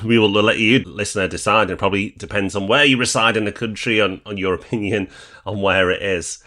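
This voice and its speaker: A man from northern England co-hosting a property podcast, calmly weighing up investment deals. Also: on the low side. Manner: measured, weighing pros and cons aloud. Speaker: podcast co-host. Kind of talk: casual podcast discussion.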